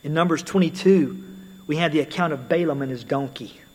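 Husky-voiced man preaching in a hall. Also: fairly high pitch, a little fast, darkish tone. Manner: conversational, storytelling asides with occasional fillers. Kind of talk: sermon.

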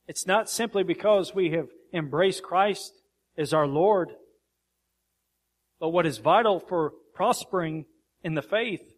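A man preaching a sermon with emphatic rhetorical questions. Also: on the high side.

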